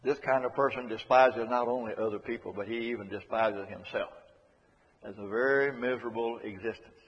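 A man's voice: mid-range voice, steady tone, brisk, husky. A man preaching a sermon in an earnest, emphatic way, repeating his key phrases to drive them home. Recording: echoey hall, dull lo-fi sound.

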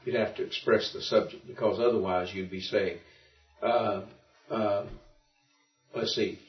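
A man whose voice sits on the low side, steady in tone and measured in pace, gives a Greek lesson in an informal classroom. He patiently thinks aloud as he explains, with many restarts. The audio is muffled, roomy, and distant.

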